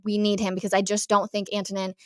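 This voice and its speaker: Young American woman, sports talk host, chatty, smooth clear voice, dry close sound. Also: medium pitch, fast talker, no echo. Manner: chatty and animated, addresses listeners as "you guys". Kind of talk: casual sports talk to listeners.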